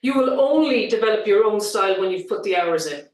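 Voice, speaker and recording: An animated woman vocal coach talks through her work in a relaxed interview. Her voice sits at a middle pitch. It sounds roomy and a little set back from the microphone. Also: fairly quick, recorded from a distance. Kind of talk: casual interview chat.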